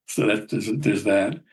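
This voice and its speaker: A man's voice: on the low side, darkish tone, husky. An older man, a musician guest in an interview, telling rambling anecdotes with a chuckle. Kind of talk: casual interview storytelling.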